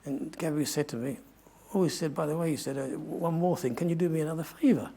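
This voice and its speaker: An older man tells a long adventure story at a museum talk, stopping often to restart his sentences. His voice is dark and mellow with a husky edge. The delivery is loose and chatty. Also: on the high side, fast talker. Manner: rambling, self-correcting storyteller. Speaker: guest speaker.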